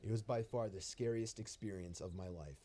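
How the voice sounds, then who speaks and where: Low, mellow-voiced man narrating horror. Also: fairly quick, a little hiss or hum. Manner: steady, even first-person storytelling. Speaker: storyteller. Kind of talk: scripted horror story narration.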